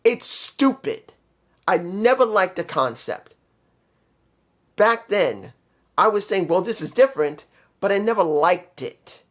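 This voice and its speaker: A man's voice: sits high, lively intonation, unhurried, long pauses, fairly bright tone. A man in his fifties giving a rambling, opinionated solo review and venting frustration in casual talk. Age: 50s. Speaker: wrestling commentary vlogger.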